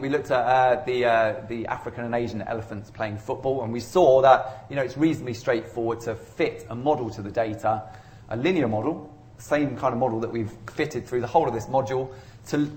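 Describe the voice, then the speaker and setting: Chatty university lecturer, man. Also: medium pitch. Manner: chatty, rambling, self-deprecating humour. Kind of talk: informal statistics lecture. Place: lecture room.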